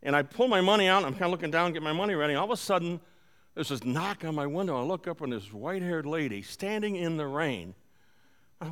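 A man preaching a conversational sermon, telling a personal story and moving between soft, quiet stretches and loud, animated bursts. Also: fairly high pitch, fast talker. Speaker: pastor. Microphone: live-streamed service.

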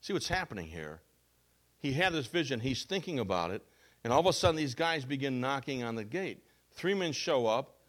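A man preaching a sermon as a pastor. He reads scripture and explains it with emphasis, going from loud to soft. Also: medium pitch, sing-song, a little fast. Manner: emphatic, with wide swings between loud and soft.

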